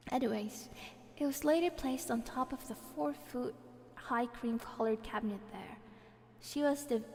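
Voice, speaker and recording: A woman, reading a viewer's horror story on a live stream, playful and breaking in with laughing comments. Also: fairly high pitch. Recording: reverb effect added, faint background music.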